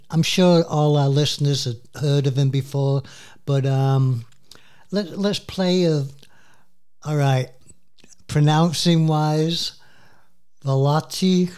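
A man's voice: fairly high pitch, slow, a little mellow, clear, resonant tone. A man co-hosting a casual music chat show, rambling with plenty of fillers and restarts. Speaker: radio co-host.

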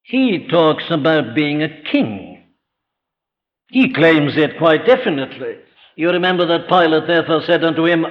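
A man preaching a sermon with emphatic delivery, firing rhetorical questions and slowing right down on key phrases. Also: on the high side, expressive. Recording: dull lo-fi recording.

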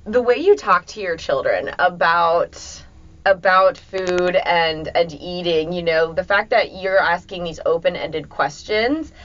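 Woman guest expert, low voice, relaxed conversational delivery, dull lo-fi recording. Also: unhurried. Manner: easygoing, explains with everyday examples. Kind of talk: casual podcast conversation. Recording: dull lo-fi audio.

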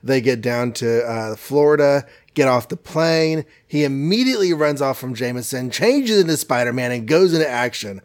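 A man's voice: medium pitch, expressive, normal speed, few pauses. A man hosting a podcast, casually recapping a cartoon episode with jokes and self-corrections. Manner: rambling, self-correcting, jokey. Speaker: podcast host.

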